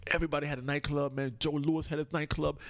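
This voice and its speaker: A man who is a guest comedian on a podcast, telling stories in an animated, profane way and insisting that he gets to finish his point. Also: on the high side, fast talker, no echo.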